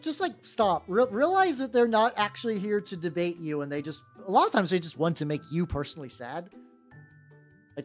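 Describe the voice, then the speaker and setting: A woman vtuber paints miniatures on a casual live stream, rambling and swearing freely over soft background music. When she quotes people, her pitch jumps quickly.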